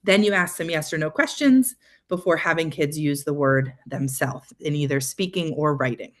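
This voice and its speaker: Low-voiced woman coaching teachers. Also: normal speed. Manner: clear, patient explaining with frequent ums. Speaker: literacy coach presenting a webinar. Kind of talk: instructional webinar presentation.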